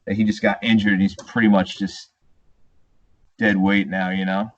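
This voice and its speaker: A man with a low, husky voice chats casually about baseball on a podcast and slides into animated rants. The recording sounds dull and lo-fi. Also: moderate pace. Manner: animated, ranting, says "dude" and "bro". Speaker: podcast co-host. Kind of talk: casual sports chat.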